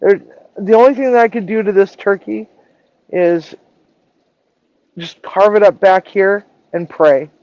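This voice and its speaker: A woman's voice: mid-range voice, a little slow, pauses often, dark tone, dry recording, lo-fi sound. A woman chef telling a story in a casual live stream, acting out the dialogue and swearing freely. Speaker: chef and culinary director.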